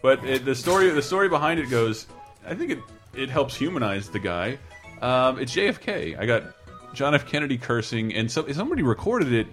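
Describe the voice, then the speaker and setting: A man's voice: medium pitch, brisk, soft background music. Guy hosting a comedy podcast, rambling and cursing, voice bounces all over. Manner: swearing, rambling, animated storytelling. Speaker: podcast host. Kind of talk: casual comedy chat.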